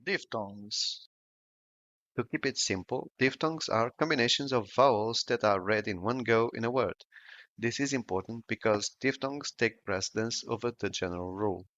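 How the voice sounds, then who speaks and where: A man narrating a scripted pronunciation lesson, slowing down to model each example sound with care. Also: lowish voice, a bit bright, no room sound. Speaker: language tutor. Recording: dull, lo-fi and dry voice-over.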